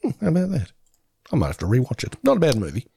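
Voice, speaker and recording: A man's voice: mid-range voice, huge pitch swings, fast, vocal fry, dark tone, slightly rough. A man co-hosting a podcast, rambling and laughing through casual chat. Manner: rambling, laughing, self-interrupting. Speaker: podcast co-host.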